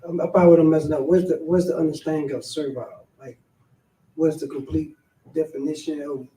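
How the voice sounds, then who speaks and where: A man's voice: fairly high pitch, steady tone, a little fast, dark tone. A man in a class, hesitantly asking questions and checking his understanding. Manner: asks questions, hesitant, affirms often. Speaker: student. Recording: roomy, distant mic.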